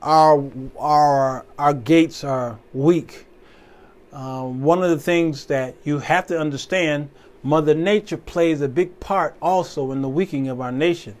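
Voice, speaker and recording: A man's voice: fairly high pitch, unhurried, a little mellow. A man hosting his own show, giving informal, folksy, preacher-style commentary and laughing between points. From American Midwest. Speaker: show host.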